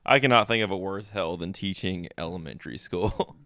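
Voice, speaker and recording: Teasing low-voiced podcast man. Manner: teasing, quick deadpan jokes. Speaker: podcast co-host. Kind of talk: casual comedic chat.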